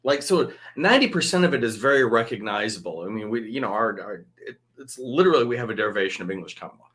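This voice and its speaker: A man's voice: medium pitch, lively intonation, fast talker, fairly bright tone. A man from Northern Michigan, a trial lawyer chatting as a guest over drinks, speaking emphatically and often restarting and repeating words. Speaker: guest, litigation attorney. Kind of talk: casual chat over drinks.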